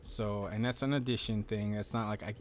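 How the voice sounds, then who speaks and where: A man's voice: fairly low pitch, steady tone, brisk, slight background noise. A man hosting a casual livestream, rambling in a laid-back way, swearing now and then, talking into a close desk mic at home. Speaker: livestream host. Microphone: desk mic, close then moved closer.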